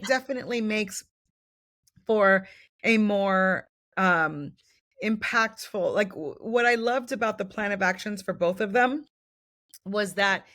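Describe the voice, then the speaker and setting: A woman co-hosting a podcast, chatting casually with emphatic, affirming energy. Her voice sits at an average pitch and is recorded close and dry, with no room sound. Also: fairly bright tone, no echo. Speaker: podcast co-host. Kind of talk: casual chat.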